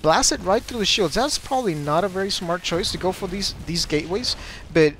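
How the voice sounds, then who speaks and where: Young male replay commentator, a touch high-pitched, eager and easily flustered, home desk mic with faint hiss. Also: brisk. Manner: excitable, gets flustered and speeds up in fights. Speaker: game commentator. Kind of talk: commentating his own replay.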